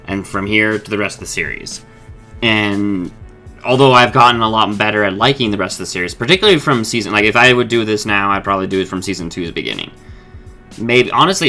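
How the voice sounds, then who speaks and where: A young man hosts a casual episode recap, rambling and correcting himself with a sprinkle of profanity. His voice is on the low side with a bright, forward edge. Faint music plays underneath. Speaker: host of an episode discussion channel.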